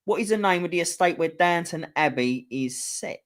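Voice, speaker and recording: A man's voice: a little high, lively intonation, moderate pace. A man with a London accent, hosting a casual live-stream quiz, chatty and teasing, swearing freely. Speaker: host reading a quiz to a live chat.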